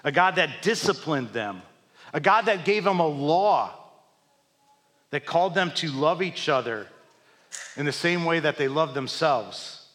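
A man preaching a sermon, swinging between loud emphatic lines and hushed, quiet ones. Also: a little high, animated, a little slow, long pauses. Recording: long hall reverb.

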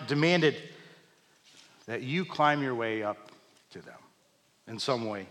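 A man preaching a sermon, swinging between loud emphatic lines and hushed, quiet ones. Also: mid-range voice. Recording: long hall reverb.

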